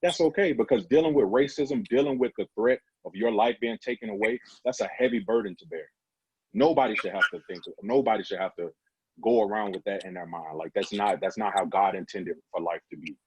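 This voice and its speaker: A man's voice: on the low side, fairly quick, a little mellow, muffled recording, a little hiss or hum. A man speaking earnestly and openly about his emotions on a radio panel discussion. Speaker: panel guest. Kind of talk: candid radio panel talk.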